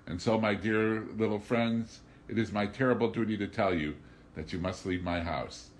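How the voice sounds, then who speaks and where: A man's voice: lowish voice, steady tone, moderate pace, a little hiss or hum, voice pushed up, lightly acted. A man voicing a scheming, cruel businessman who sneers and later screams in outrage. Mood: smug, mocking. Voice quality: oily, mocking, then screaming in rage.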